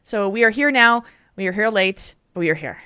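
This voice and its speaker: A woman with a bright, clear voice hosting a casual podcast chat. She talks openly and candidly, laughing often. Her voice sounds close and dry on a home mic. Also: medium pitch, expressive, brisk, no echo. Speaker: podcast host.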